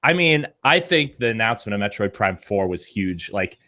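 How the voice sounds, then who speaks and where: Low-ish male stream co-host, excitable rambler, casual gaming chat. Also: moderate pace. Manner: excitable, gushing, rambling with many "like"s. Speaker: co-host of a live watch stream.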